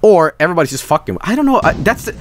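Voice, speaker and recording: A young adult man streaming, reacting with excitable, profane, animated storytelling. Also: fairly high pitch, very fast, slight background noise. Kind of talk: live stream reaction commentary.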